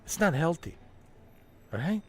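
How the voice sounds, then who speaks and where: A man's voice: fairly high pitch, big pitch swings, measured pace, slight background noise. Profane, ranting male game streamer. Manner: heated, profane, emphatic, repeats "man" and "dude". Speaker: livestream gamer. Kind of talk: casual ranting livestream chat.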